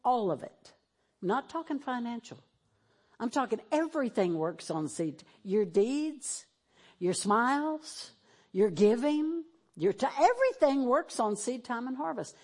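A woman's voice: a little high, very animated, a little slow, a little mellow. Emotional woman preacher. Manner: emotional, shifts between fervent and tearful. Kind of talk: sermon. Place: church sanctuary, televised.

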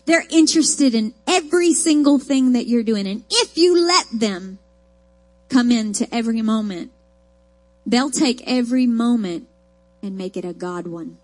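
A woman's voice: on the high side, lively intonation, a little slow, a little mellow. A woman preaching a sermon, mixing folksy personal stories with emphatic, rising declarations.

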